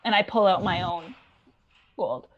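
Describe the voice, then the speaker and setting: A woman's voice: fairly low pitch, unhurried, muffled recording, a crowd in the background. Casual female tabletop player. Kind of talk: tabletop game play.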